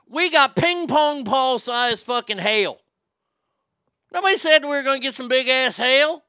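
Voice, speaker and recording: A man's voice: extremely high pitch, lively intonation, measured pace, pauses often, pushed and bright, clean tone, dry recording, studio quality. A man hosting a casual show, ranting sarcastically with lots of profanity. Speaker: podcast host.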